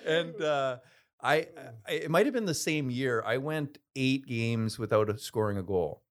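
A man's voice: medium pitch, animated, measured pace. A man guest telling stories in a casual interview, laughing often, repeating himself and teasing. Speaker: former player, guest.

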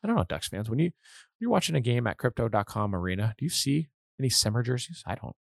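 A man's voice: mid-range voice, very animated, quick pace, gravelly, no room sound, studio quality. A man hosting a casual hockey podcast, an enthusiastic fan who rambles and restarts his sentences. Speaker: podcast host.

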